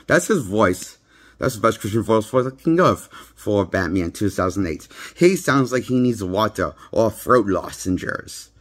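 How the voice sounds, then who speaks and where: A man's voice: on the low side, lively intonation, unhurried, fairly bright tone. Rambling man reviewing movies. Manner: rambling, blunt, repeats himself. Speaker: movie critic. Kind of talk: casual vlog movie review. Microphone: handheld phone.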